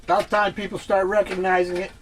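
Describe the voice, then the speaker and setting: A man's voice: high voice, little pitch movement, fairly quick, noisy background. Eager talk radio co-host, man. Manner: eager, chiming in. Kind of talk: casual talk radio chat.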